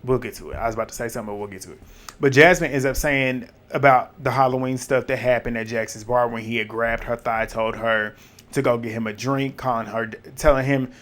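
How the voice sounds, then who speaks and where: A man giving casual reality TV recap commentary in an animated, blunt way, swearing and laughing at what happened. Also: medium pitch, brisk.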